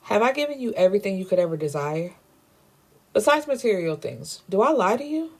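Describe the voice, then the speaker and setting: A man's voice: high voice, very animated, a little fast, heavily acted. A woman voicing a controlling rich man who interrogates bluntly and swears while recapping a story. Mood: cold. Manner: blunt, profane, accusing.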